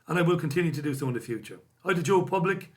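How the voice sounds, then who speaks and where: Racing along with lively intonation, an Irish live stream host reads out comments from viewers in a casual, wry, self-deprecating way. His voice is fairly high-pitched and a little mellow.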